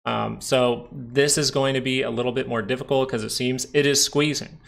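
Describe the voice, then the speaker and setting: A man's voice: medium pitch, fairly even intonation, normal speed, vocal fry. A man hosting a live stock market stream, chatting casually as he explains charts and answers viewers, often adding "right?". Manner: chatty, explains while reading viewer chat; frequent tag questions like "right?". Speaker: stock market livestream host.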